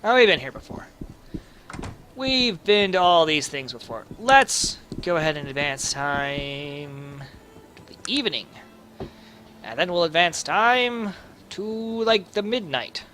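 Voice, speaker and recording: A man's voice: on the high side, takes it slowly, long pauses, sharp tone. A man giving playful, jokey commentary over a game, reading its text aloud. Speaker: gaming video host. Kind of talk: casual gameplay commentary.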